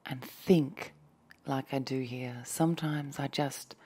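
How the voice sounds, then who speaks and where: A woman speaking as an ASMR host in a soft-spoken travel diary, drifting dreamily between whispers and a hushed voice in a hotel room. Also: low-pitched, takes it slowly, breathy edge.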